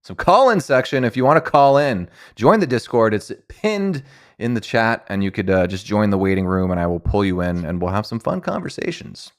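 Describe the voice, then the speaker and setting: A young man hosting a casual streamed interview, relaxed and rambling, with lots of "like" and easy laughter. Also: lowish voice, moderate pace. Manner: laid-back, rambling, frequent "like". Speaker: stream host.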